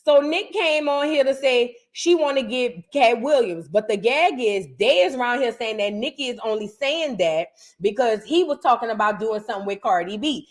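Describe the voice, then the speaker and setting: A woman's voice: fairly high pitch, lively intonation, normal speed. A woman with a Southern US accent, hosting a casual reaction show and chatting straight to her viewers. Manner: chatty, addresses viewers as y'all. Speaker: host.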